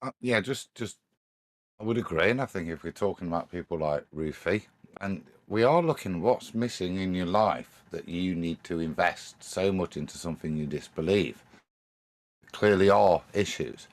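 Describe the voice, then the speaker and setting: Male panelist, low voice, hesitant and measured in casual talk. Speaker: podcast panelist. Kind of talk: casual live-stream discussion.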